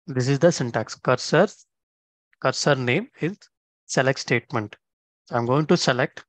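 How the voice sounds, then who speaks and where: A man walks through code one step at a time, checking in with his listeners as he goes. His voice sits at a middling pitch and sounds dry and close, with no room around it. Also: measured pace, no echo. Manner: explains step by step, often checking in with "okay?". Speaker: instructor. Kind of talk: screen-recorded coding tutorial.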